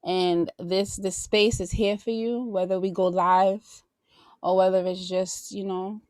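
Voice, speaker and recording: A woman's voice: mid-range voice, flat delivery, unhurried, a little mellow, clear, resonant tone, dry recording. A woman hosting a podcast, pouring out heartfelt, preacher-like affirmations to her guest in a casual chat. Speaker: podcast host.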